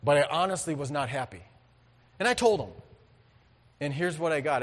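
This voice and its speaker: Guy preaching, kinda high voice, earnest and chatty, gets loud sometimes, echoey big room. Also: lively intonation, normal speed, long pauses. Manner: earnest, conversational preaching with sudden loud bursts. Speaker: pastor. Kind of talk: sermon.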